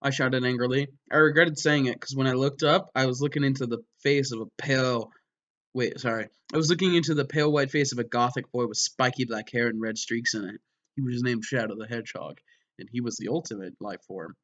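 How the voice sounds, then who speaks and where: A man giving a mock-dramatic reading of a story, breaking off for wry, deadpan sarcastic asides. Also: mid-range voice, fairly quick, lo-fi sound. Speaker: comedic reader.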